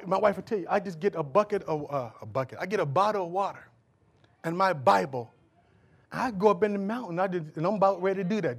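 A male pastor preaching a sermon, calling out to the congregation and swinging from loud bursts to hushed asides. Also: high-pitched, creaky, breathy edge.

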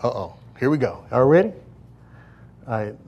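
A male pastor delivering a sermon to a congregation, joking and asking the listeners to fill in words, swinging between loud declarations and low asides. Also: sing-song, moderate pace, dull audio, slight background noise. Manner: call-and-response preaching, asks congregation to fill in words. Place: church service before a congregation.

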